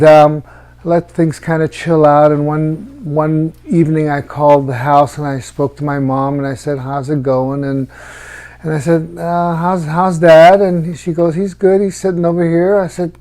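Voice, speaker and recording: A middle-aged man telling a personal story in a halting, reflective way, with frequent restarts. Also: fairly high pitch, a little mellow.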